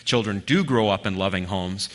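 A man giving a sermon as a guest preacher, earnest, swinging between loud emphasis and near-whispered lines. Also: lowish voice, moderate pace.

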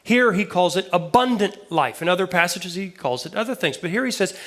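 A man's voice: high voice, lively intonation, a little fast, few pauses, a bit bright. A man preaching a conversational sermon, reading Bible verses aloud with casual asides and questions to his listeners. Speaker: pastor.

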